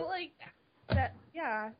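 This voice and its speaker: A woman's voice: high voice, expressive, drawn-out words, slight background noise. A woman chatting casually in a group podcast, using "like" a lot. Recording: dull lo-fi online call audio.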